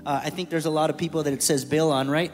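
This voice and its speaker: A man tells his story of faith from a church stage, candid and conversational, with a slightly high voice. His words ring through a large hall with long reverb, and soft music plays underneath. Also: steady tone, fast. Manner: candid, storytelling, jokes with the room. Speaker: church staff speaker. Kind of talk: testimony sermon. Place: church sanctuary.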